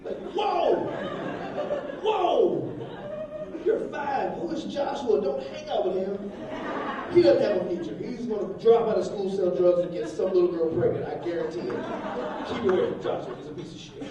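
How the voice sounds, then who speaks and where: A young man doing a rambling, crude stand-up set on a comedy club stage, swinging between loud bursts and low mutters. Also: a little fast, far from the mic. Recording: echoey club room heard from afar, crowd noise. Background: audience laughter.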